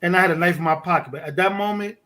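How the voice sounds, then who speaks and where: A man from Brooklyn, a podcast guest telling a profane street story in a lively, animated way. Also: high-pitched, racing. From Fort Greene, Brooklyn. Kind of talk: casual storytelling.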